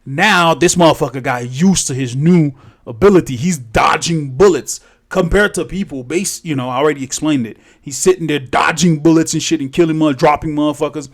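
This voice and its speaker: A man recounts a story in a loose, unscripted way, swearing freely. He wanders and corrects himself as he goes, in a voice pitched somewhat high for a man. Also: fairly quick. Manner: profane, rambling, self-correcting. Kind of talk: casual spoken storytelling.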